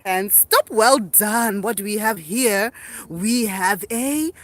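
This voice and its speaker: A woman's voice: mid-range voice, takes it slowly, fairly bright tone. A woman, a mother, playfully teaching animal words to her small child at home in a sing-song, coaxing way. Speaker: mother and host of a kids' learning video.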